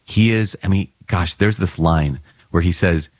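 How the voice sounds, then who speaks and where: A man with a deep, slightly husky voice gives an earnest Bible reflection in a relaxed, conversational way. He explains the reading like a patient teacher and often checks that his listeners are following. The recording is close and dry, with no room sound. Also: unhurried, no room sound. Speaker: priest.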